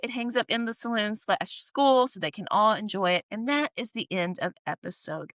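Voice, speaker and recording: A woman's voice: mid-range voice, expressive, normal speed, fairly bright tone, no room sound. A woman co-hosting a podcast, recapping a TV show in casual chat, laughing often and acting out characters' lines. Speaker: podcast co-host.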